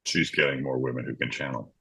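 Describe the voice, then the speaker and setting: A man guest-hosting a podcast, speaking casually with hesitant, halting starts. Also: a bass voice, fairly even intonation, pushed and bright, husky, no room sound. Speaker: guest co-host. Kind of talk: casual chat.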